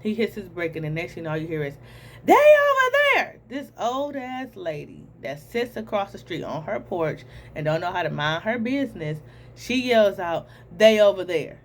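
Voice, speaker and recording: A young woman, telling a storytime to viewers in a casual, animated way, acting out sounds and voices. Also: lowish voice, normal speed, a little hiss or hum. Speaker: storytelling vlogger.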